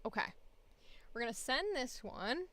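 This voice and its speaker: A woman's voice: high-pitched, big pitch swings, measured pace, bright, forceful tone. A woman voice actor chatting casually on a livestream, rambling with many fillers and restarts. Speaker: voice actor streamer.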